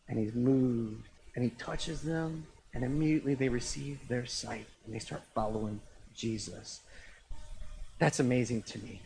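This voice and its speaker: A man's voice: medium pitch, measured pace, vocal fry, darkish tone, a little hiss or hum. A middle-aged pastor preaching a sermon in a casual, emphatic way, often repeating his key phrases.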